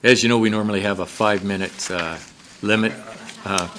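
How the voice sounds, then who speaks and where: A man chairing a regional council meeting, running through agenda items in an informal, halting way with many fillers. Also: lowish voice, fairly even intonation, a bit bright, a little hiss or hum. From Canada.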